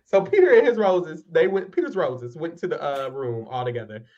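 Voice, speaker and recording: A man's voice: a little high, lively intonation, moderate pace, muffled recording. A man co-hosting a podcast, recapping a reality show in casual chat, blunt and profane with sassy asides. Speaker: podcast co-host.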